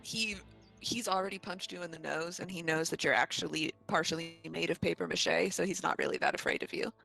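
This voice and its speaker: A man narrating a tabletop game as game master, halting and laughing often. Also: a little high, gravelly, pushed and bright, soft background music.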